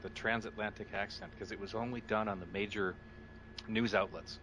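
A man's voice: on the low side, steady tone, fairly quick, crowd noise, poor audio. A man as a podcast guest in casual chat, giving brief, dry replies.

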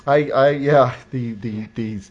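A man's voice: medium pitch, slow pace. A man hosting a podcast in casual chat, rambling and joking with many restarts. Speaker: podcast host. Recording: dull lo-fi recording.

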